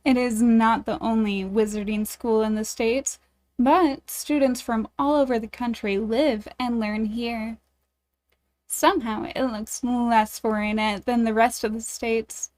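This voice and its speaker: Woman streamer, fairly high voice, unhurried, bubbly and giggly while reading a game aloud to chat. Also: steady tone, darkish tone. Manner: bubbly, giggly, self-deprecating. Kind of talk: reading a dating game aloud, chatting with viewers.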